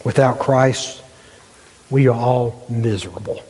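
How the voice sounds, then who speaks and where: A male pastor preaching a sermon with emphatic, rhythmic delivery and dramatic pauses. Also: medium pitch, darkish tone, husky. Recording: long hall reverb.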